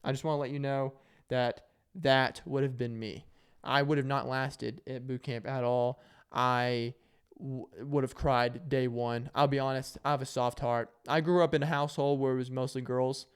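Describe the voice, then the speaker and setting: A man's voice: mid-range voice, steady tone, normal speed, smooth. A young man telling stories in a casual, rambling and jokey monologue. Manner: rambling, jokey, acts out quotes in shouted voices. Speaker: vlogger.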